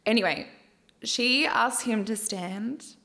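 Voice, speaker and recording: A woman's voice: on the high side, slow, bright, forceful tone. A woman with an Australian accent hosting a reality TV recap in casual chat, gushing, swearing freely and giggling often.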